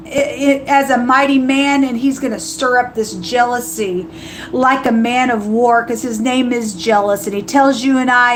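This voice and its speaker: A woman's voice: on the high side, slight background noise, low-quality recording. A woman hosting a tarot livestream, delivering fiery warnings and quoting scripture in a preachy monologue.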